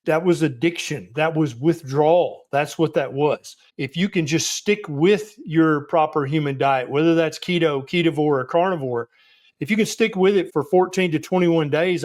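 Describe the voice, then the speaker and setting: Emphatic Southern US man, fairly high. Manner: emphatic, reassuring, frank. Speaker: doctor guest. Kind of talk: interview answers.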